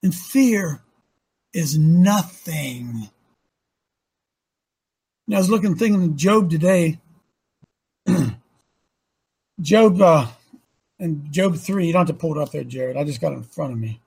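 Man, high husky gravelly voice, emphatic preaching, rhetorical questions. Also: lively intonation, slow, pauses often. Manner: emphatic, rhetorical questions, swings loud to soft. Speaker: host. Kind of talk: preaching on a talk show.

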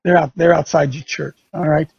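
A man's voice: on the high side, fairly even intonation, brisk, creaky, dull audio, slight background noise. A man hosting a religious talk show, preaching with sarcasm and rising fire. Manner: fiery, sarcastic, rising to shouts.

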